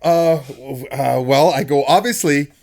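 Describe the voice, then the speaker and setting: Man, middle-aged, podcast host, animated storyteller, laughs a lot, slightly higher voice. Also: a little slow. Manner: animated, laughs often while telling stories. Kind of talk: casual storytelling chat.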